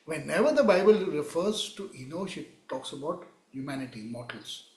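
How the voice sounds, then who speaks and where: High-voiced man teaching a Torah class. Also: animated, moderate pace, roomy sound. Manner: emphatic, repeats words, switches between Hebrew verses and English.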